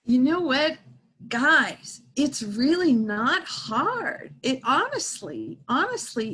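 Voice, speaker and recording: A middle-aged woman, a medium, telling a heartfelt story and reassuring a support group in an earnest, gentle way. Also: high voice, sing-song, slow pace, husky, rough recording.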